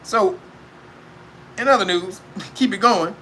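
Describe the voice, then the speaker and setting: Man, very high bright voice, laughing rants, faint background noise. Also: slow pace. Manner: profane, laughing often, animated. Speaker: commentator. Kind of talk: casual rant monologue.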